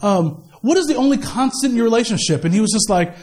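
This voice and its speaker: A man's voice: extremely high pitch, animated, fast talker, darkish tone. A man preaching a casual, slangy sermon with lots of asides and quoted voices. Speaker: pastor.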